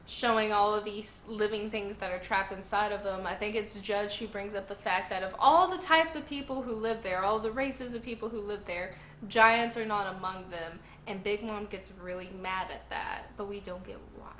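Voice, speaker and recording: A woman's voice: medium pitch, fairly even intonation, moderate pace, hardly any pauses, fairly bright tone, a little hiss or hum. A woman recapping episodes in a casual vlog, an emotional, gushing fan who uses a lot of filler words. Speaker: anime review vlogger. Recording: echoey room.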